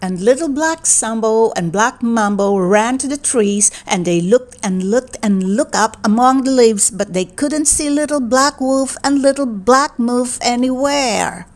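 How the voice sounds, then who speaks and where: A woman reading a children's picture book aloud in a gentle, expressive, deliberate way. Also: on the high side. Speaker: read-aloud narrator.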